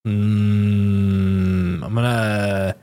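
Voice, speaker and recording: A man's voice: lowish voice, level tone, drawn-out words, mellow. A man co-hosting a casual podcast, laid-back and profane, mostly chiming in with short remarks. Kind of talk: casual chat.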